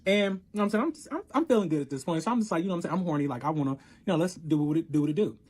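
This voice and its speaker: Casting note: man with a high, quick voice, spilling a wild story with lots of swearing. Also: husky. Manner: animated, profane, acts out both sides of arguments. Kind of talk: casual storytelling.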